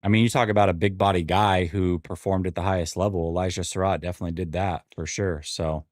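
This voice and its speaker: A man's voice: sits low, steady tone, quick pace, dry recording, clean studio sound. A man hosting a live sports stream, reacting casually and rambling, often repeating himself with wry asides. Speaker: sports show host.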